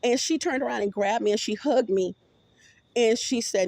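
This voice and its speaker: A woman's voice: fairly high pitch, fairly even intonation, moderate pace, a little mellow, no room sound. A woman vlogger in a rambling, profane monologue with many restarts, recorded on a phone.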